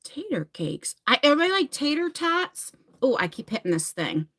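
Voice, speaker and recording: A woman's voice: high voice, very animated, moderate pace, fairly bright tone. A middle-aged woman from New Jersey with a New Jersey accent, chatting casually on a livestream, rambling and reading viewer comments aloud. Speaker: livestream host.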